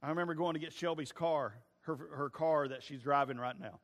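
Male preacher, high voice, folksy storyteller, big reverberant hall. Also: brisk, fairly bright tone. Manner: folksy, storytelling, stumbling restarts. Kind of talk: sermon with personal stories. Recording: long reverb of a large hall.

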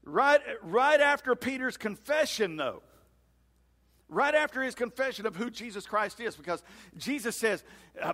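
A male pastor preaching a sermon in a church sanctuary, acting out scripture dialogue with lively swings in voice. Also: high voice, moderate pace. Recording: long hall reverb.

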